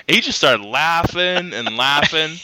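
A man's voice: on the high side, pushed and bright, no echo. A man casually telling rambling stories among friends, laughing often and acting out what people said. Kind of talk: casual storytelling chat.

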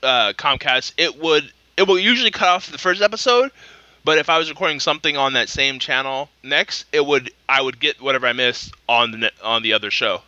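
A man co-hosting a podcast in casual chat, telling stories quickly and animatedly. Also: mid-range voice, pushed and bright, no echo, muffled recording. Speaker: podcast co-host.

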